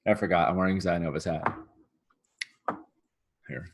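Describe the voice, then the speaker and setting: A man's voice: low voice, moderate pace, voice pushed down. A man playing a veteran male quartermaster in a tabletop game, plain-spoken and exasperated.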